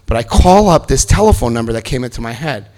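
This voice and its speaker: A fast-talking man in his fifties shares his personal story at a recovery meeting. He's a lively storyteller who cracks jokes and switches into high-pitched voices when quoting people.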